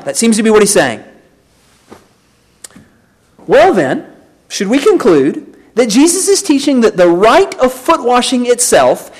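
A preacher delivering an expository sermon, emphatic and turning to the congregation with rhetorical questions. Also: medium pitch.

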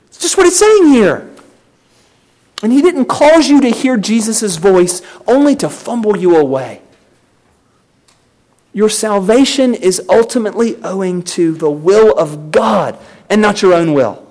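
A man delivers a sermon in a high, animated voice. He speaks emphatically, urging his listeners on, with his pitch rising and falling widely. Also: unhurried. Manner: emphatic, exhorting the congregation. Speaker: pastor.

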